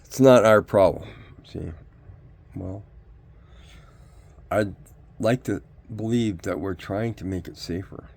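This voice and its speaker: A man's voice: lowish voice, takes it slowly, gravelly, pauses often, darkish tone. An older man, ranting in a rambling vlog monologue full of rhetorical questions. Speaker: vlogger.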